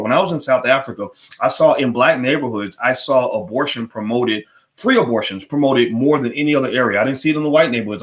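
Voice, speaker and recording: A man delivering an emphatic, preachy monologue to his listeners, often repeating words as he pushes his point. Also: mid-range voice. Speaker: political commentator. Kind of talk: opinionated monologue.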